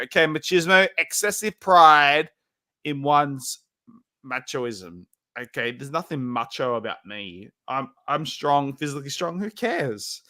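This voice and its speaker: A man's voice: a little high, sharp tone. A drunk man with hiccups, rambling on a livestream while reading the chat, swinging between insults and self-pity. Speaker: livestream co-host.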